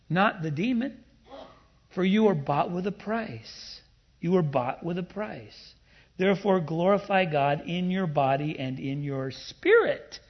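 A man preaching a sermon in an emphatic way, with playful asides and loud bursts of emphasis. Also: on the high side, lo-fi sound. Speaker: pastor.

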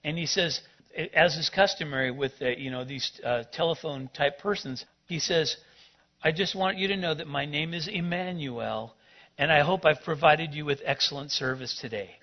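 A man's voice: fairly high pitch, moderate pace. A man telling a personal story in a sermon, acting out both sides of the conversation. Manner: animated storyteller, acts out dialogue. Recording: dull lo-fi sound.

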